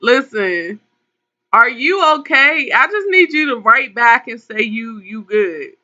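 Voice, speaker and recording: Slow, bright-voiced woman live-streaming. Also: a little high, big pitch swings. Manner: concerned, talks straight to viewers with pet names. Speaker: tarot reader hosting a live call-in stream. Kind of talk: casual live-stream chat, reading viewer comments aloud. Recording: dull lo-fi stream audio.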